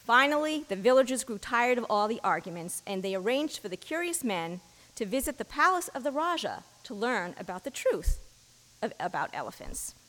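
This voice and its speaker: A woman's voice: fairly high pitch, sing-song, fairly bright tone. Woman preaching in a reverberant church. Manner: measured storytelling, giving the blind men brief quoted lines. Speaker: interfaith minister giving a sermon. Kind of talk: sermon with a story read aloud.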